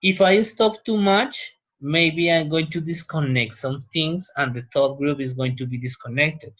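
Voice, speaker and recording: This man's voice leans high with a fairly bright tone. He's a teacher whose first language is Spanish, giving an unhurried lecture to a class, pausing and frequently asking "right?". The sound is a dull, lo-fi capture of the classroom.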